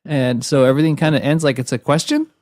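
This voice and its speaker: A man's voice: medium pitch, fairly even intonation, fast, a little mellow, dry recording, clean studio sound. A man co-hosting an entertainment podcast, chatting casually and jokingly, sometimes mimicking accents for fun. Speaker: podcast co-host. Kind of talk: casual chat.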